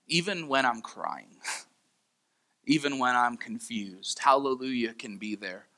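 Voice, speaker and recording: A man's voice: mid-range voice, animated, slow, bright, forceful tone. A man preaching a sermon as pastor, earnest and pleading, often repeating his phrases.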